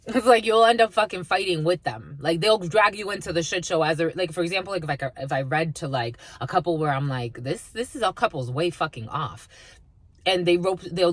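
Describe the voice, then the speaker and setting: In a fairly low voice with no echo, a spiritual reader and channeler delivers a casual, blunt reading to camera, swearing without hesitation. Her manner is animated, she frequently laughs mid-sentence, and she addresses her audience as "my lovies."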